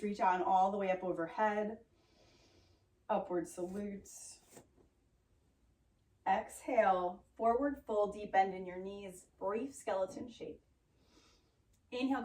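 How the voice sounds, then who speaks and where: A woman teaching a yoga class, giving calm, steady breath cues with playful sounds. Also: medium pitch, measured pace, long pauses. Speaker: yoga instructor. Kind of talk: guided yoga class cueing. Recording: roomy echo, voice from a distance off the mic.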